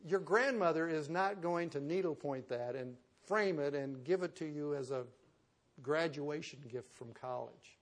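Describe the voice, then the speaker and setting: A man's voice: a little high, a little slow. A man preaching a sermon as pastor, moving from conversational storytelling into emphatic preaching.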